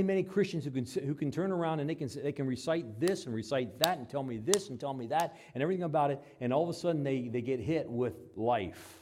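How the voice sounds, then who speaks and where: Speaking at a medium pitch, this pastor alternates loud, emphatic stretches of his sermon with soft, conversational asides, performing the voices of the people he quotes.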